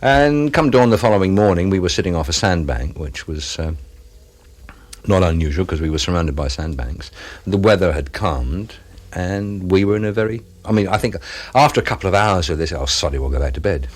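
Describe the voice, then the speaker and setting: A man who served on an offshore radio ship tells, in an interview, a wry tale of events at sea, with quick asides. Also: low voice, expressive. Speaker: former crew member of an offshore radio ship. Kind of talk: reminiscing in an interview.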